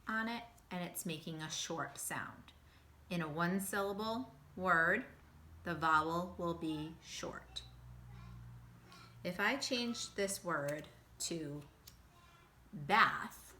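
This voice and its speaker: A woman teaching a phonics lesson to young children, speaking slowly and patiently, sounding out each word. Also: low voice, pushed and bright. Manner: slow, patient, sounding out words. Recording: echoey room.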